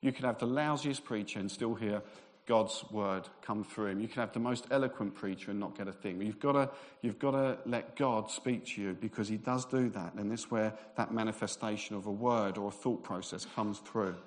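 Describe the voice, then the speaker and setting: A man preaching a sermon, fast and excitable, with self-deprecating humor. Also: fairly low pitch.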